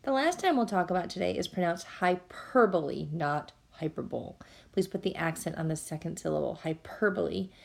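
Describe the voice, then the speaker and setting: A woman's voice: fairly low pitch, lively intonation, quick pace, creaky, hardly any pauses. Woman teacher explaining to students. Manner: explanatory, patient, addresses students directly. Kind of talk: recorded classroom lesson. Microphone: tablet microphone.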